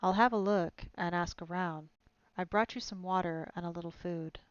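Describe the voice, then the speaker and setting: A woman reading aloud and voicing a gruff, boastful male dwarf elder in a blunt, matter-of-fact way. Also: fairly low pitch, fairly even intonation, normal speed, dry recording, muffled recording, close to an everyday voice.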